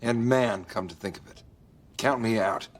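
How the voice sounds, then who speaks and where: A man's voice: on the low side, normal speed, natural voice. An actor playing a stubborn man who insists he works for himself. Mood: insistent.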